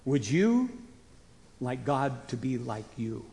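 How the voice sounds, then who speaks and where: A man preaching a conversational sermon to his congregation in a folksy way, rising to emphatic bursts and dropping to quiet asides. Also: medium pitch, big pitch swings, slow, creaky. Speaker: pastor. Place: church sanctuary. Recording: long hall reverb.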